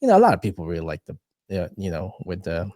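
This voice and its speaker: A young adult man chatting as a guest on a podcast, his voice sitting a bit low. He rambles through his points with plenty of fillers and bursts of animation. The sound is dry and close to the mic. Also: huge pitch swings, fast, dark tone, no echo. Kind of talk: casual chat.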